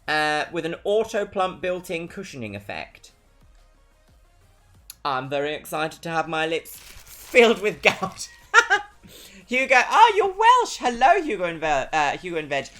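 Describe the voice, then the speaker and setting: A young woman from London speaks with a London accent in a low but very lively, swooping voice. She chats casually with a live-stream audience, bubbly and quick to laugh. Soft music plays faintly behind her. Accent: London English. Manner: bubbly, chatty, laughs often.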